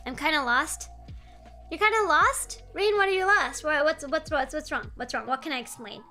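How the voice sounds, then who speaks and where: Woman streamer host, high sharp voice, chatty read-along, faint music bed. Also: moderate pace. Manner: excitable, chatty, talks to her viewers. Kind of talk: live read-along of horror stories with chat reactions.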